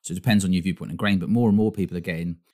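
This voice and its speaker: A man co-hosting a podcast in casual chat, telling stories in a rambling, animated way with many restarts. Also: low-pitched, racing. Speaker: podcast co-host.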